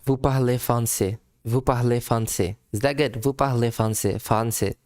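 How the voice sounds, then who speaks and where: A man's voice: medium pitch, steady tone, moderate pace, a little mellow. Male streamer, casual and self-deprecating, repeats lines, swears, laughs a lot. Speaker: streamer reacting to a French lesson. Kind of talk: casual live-stream reaction.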